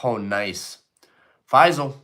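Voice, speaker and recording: A man's voice: mid-range voice, lively intonation, slow pace, bright, forceful tone. A man hosting a casual live stream, rambling and swearing freely as he answers chat comments.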